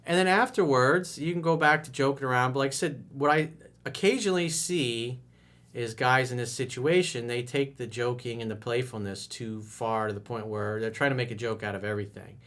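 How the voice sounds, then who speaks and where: Emphatic man coaching on camera. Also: a little fast. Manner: casual and emphatic, with sudden rises in pitch and loudness. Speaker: dating coach. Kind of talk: coaching video monologue.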